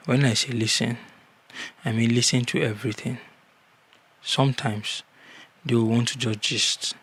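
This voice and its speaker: A man's voice: medium pitch, steady tone, a little slow, a bit bright, husky. A man giving earnest marriage advice in a casual vlog, repeating key words for emphasis.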